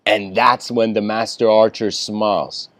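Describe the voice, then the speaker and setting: A man giving an informal lecture, telling a story with many fillers and frequent throat clearing. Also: fairly low pitch, steady tone, unhurried, no echo, clean studio sound.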